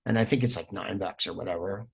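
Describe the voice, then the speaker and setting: A man, a comedian guest on a podcast, telling stories in a lively, rambling way with plenty of fillers. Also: low voice, quick pace, creaky, husky. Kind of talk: casual podcast interview.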